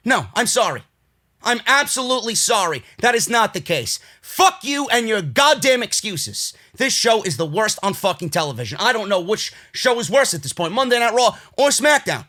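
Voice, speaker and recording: Fired-up male show reviewer, New York accent, high bright voice, profane rants that boil over into shouting. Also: very animated, moderate pace. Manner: furious profane ranting, swinging between shouting and weary grumbling. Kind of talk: angry ranting show review.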